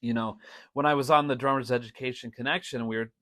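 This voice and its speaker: Middle-aged guy chatting on his podcast, lively storytelling, lots of laughs, dry close mic. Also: mid-range voice, fast talker, dry recording. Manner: animated storyteller, laughs often, many restarts. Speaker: podcast host and drum teacher. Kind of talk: casual storytelling monologue.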